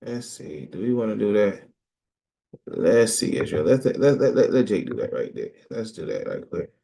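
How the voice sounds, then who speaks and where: A man's voice: fairly low pitch, sing-song, normal speed, vocal fry, warm tone. A man preaching and teaching scripture in an emphatic call-and-response style.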